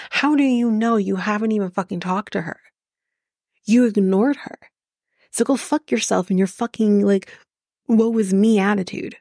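A young woman hosts a podcast, talking casually and bluntly, swearing freely and sounding exasperated as she recaps. Her voice is warm and mellow. The sound is dry and close. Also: mid-range voice, steady tone, measured pace, pauses often, no room sound. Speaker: podcast host recapping a reality show. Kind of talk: casual chat.

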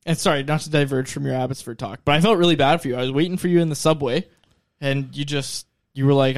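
A man's voice: medium pitch, steady tone, fast talker, no room sound, studio quality. A man co-hosting a casual sports podcast, teasing and joking with his partner. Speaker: podcast co-host.

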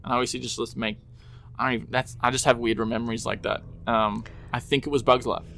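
A man's voice: medium pitch, flat delivery, fast, creaky, fairly bright tone, a little hiss or hum. A man co-hosting a casual podcast chat, rambling easily and often quoting movies. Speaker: podcast co-host. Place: home room.

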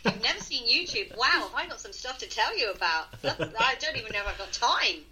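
A woman co-hosting a podcast in casual chat, giggly and quick to laugh at her own bad puns. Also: fairly high pitch, big pitch swings, bright, forceful tone, poor audio. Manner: giggly, self-mocking about her puns. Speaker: podcast co-host.

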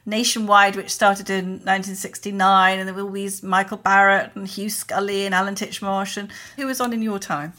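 A woman's voice: medium pitch, level tone, normal speed, few pauses, bright, forceful tone. Enthusiastic woman host from Wales. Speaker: podcast host. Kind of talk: conversational interview.

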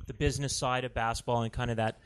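A man's voice: mid-range voice, fairly even intonation, quick pace, smooth. A man hosting a sports talk show in an easygoing way, steering the talk with questions. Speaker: host.

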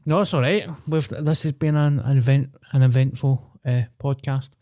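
Mellow-voiced Scottish man, laid-back. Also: mid-range voice, fairly even intonation, normal speed. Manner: laid-back, joking, sweary. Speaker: podcast co-host. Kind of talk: casual chat.

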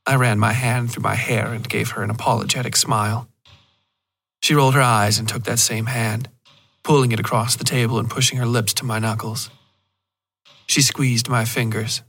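A man giving steady, measured scripted narration of a dark fiction story. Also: mid-range voice, creaky.

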